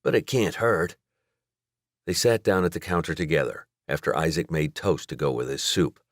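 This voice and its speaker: A male audiobook narrator reading in a steady, measured way. His voice sits very low. The recording is dry and close. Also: dry recording. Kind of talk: scripted narration.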